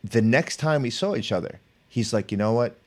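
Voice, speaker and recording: Middle-aged male guest, animated storyteller, average pitch, mimics the people he quotes. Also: moderate pace. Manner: animated, acts out quoted people in his stories. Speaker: author and professor, podcast guest. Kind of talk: storytelling in conversation.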